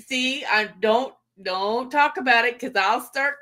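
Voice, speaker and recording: A woman's voice: a little high, slow pace, hardly any pauses, pushed and bright. A woman hosting a casual livestream, greeting viewers in a gushing, emotional way with many fillers. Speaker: livestream host. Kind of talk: casual live chat with viewers.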